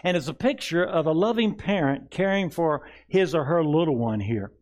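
A man preaching a sermon to a congregation, earnest, asking rhetorical questions and dropping soft for tender asides. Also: fairly high pitch, animated, moderate pace. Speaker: pastor. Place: church sanctuary before a congregation.

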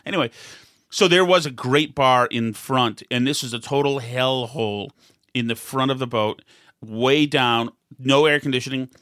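A man's voice: mid-range voice, normal speed, fairly bright tone, no echo, studio quality. A middle-aged American man telling stories in a rambling, casual way, full of fillers and restarts. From United States. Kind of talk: casual conversational storytelling.

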